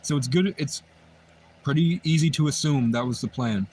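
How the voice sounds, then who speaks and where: A man's voice: fairly high pitch, normal speed, a little mellow, a little hiss or hum. A man on a livestream telling a long personal story in a rambling, repetitive way, often restarting his sentences. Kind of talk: livestream monologue.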